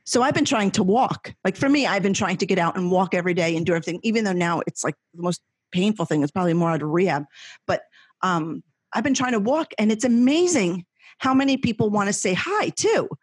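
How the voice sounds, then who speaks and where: A middle-aged woman with a husky, breathy voice tells animated, rambling stories as a guest in a casual conversation. She laughs often as she talks. The recording is close and dry. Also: medium pitch, brisk, no echo. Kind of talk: casual chat.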